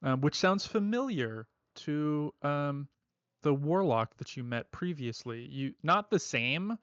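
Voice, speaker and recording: A man narrating a tabletop game as game master, storytelling in a relaxed way with fillers. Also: fairly high pitch, slow pace, smooth, no echo, highs cut off.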